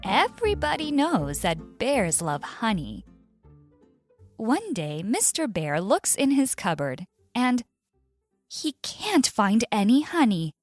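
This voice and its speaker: A woman reads a children's story for learners, slow and clear, with deliberate pacing. Her high voice moves up and down expressively. The recording is dry and close, with soft music underneath. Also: huge pitch swings.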